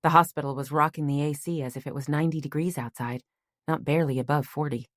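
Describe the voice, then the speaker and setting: A woman with a low voice reads an audiobook calmly and at an even, measured pace. The recording is close and dry, with no sound of the room. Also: no room sound. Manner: calm, measured storytelling. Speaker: audiobook narrator. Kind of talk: scripted narration.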